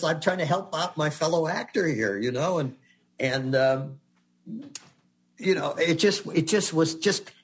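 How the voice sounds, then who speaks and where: An older man, a guest actor, telling chatty anecdotes in an interview with laughs and restarts. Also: on the low side. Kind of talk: storytelling in an interview.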